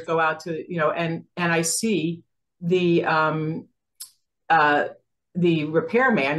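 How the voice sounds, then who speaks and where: Guest, woman, 60s, from New Jersey: lively storyteller, lower voice, acts out the dialogue. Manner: animated, acts out quoted dialogue, laughs often. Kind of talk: storytelling in a casual interview.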